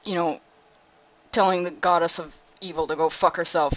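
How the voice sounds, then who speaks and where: Player, casual chat, bright, muffled lo-fi sound, faint clicks. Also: mid-range voice, fairly even intonation, moderate pace. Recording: dull lo-fi mic with faint clicks.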